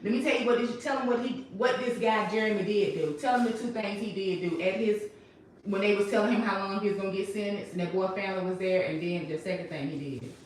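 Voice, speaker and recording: A woman hosting a casual recap, talking with animated emphasis. Her voice sits at a middle pitch and comes from some distance off the mic. The room is very echoey, with a faint hum of ambience behind her. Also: quick pace. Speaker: host.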